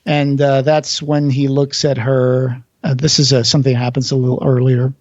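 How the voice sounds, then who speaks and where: A man on a podcast, casually retelling a play's plot, acting out the quoted lines and pausing with fillers. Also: medium pitch, level tone, a little mellow, no room sound, highs cut off. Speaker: podcast co-host.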